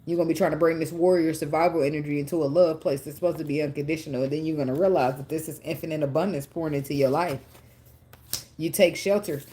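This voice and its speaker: A woman's voice: low voice, steady tone, fast, warm tone, a little hiss or hum. A woman, giving a casual tarot reading in a chatty way, swearing, laughing often and getting emotional. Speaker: tarot reader.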